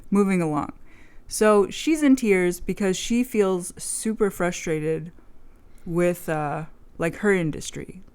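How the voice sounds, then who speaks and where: A young woman in relaxed conversation. She rambles, restarts, fills her speech with "like", and swears without thinking about it. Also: lowish voice, slow pace, smooth. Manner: rambling, swears a lot, many "like" fillers. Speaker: vlogger. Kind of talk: casual chat.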